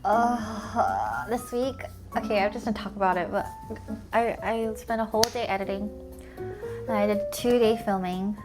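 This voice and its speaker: A young woman streamer chats casually with her viewers in an expressive, medium-pitched voice at a moderate pace, sounding tired. Her talk is full of "like" fillers and the odd swear, with faint music in the background.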